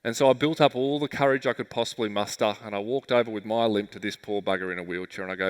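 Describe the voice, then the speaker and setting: On stage at a large conference, an Australian man gives a keynote, sharing a vivid and emotional story from his own life. He talks fast in a fairly low voice with hardly any pauses, and the hall sounds reverberant.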